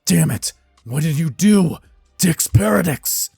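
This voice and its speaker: A man's voice: fairly low pitch, measured pace, dark tone, reverberant, soft background music, lightly acted. A man voicing a young, desperate hero. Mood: frantic.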